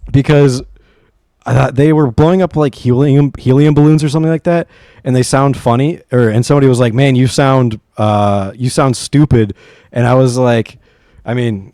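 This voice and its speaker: A man's voice: mid-range voice, mellow, dry recording. A young man telling stories and reading posts aloud in a rambling, casual way, swearing often and laughing at himself. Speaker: reddit story reader.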